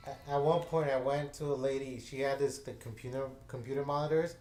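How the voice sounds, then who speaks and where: With soft background music behind him, a male gaming channel host rambles through a casual story, constantly using fillers and restarting. His medium-pitched voice is steady, brisk, and a little mellow. The room he's in is echoey.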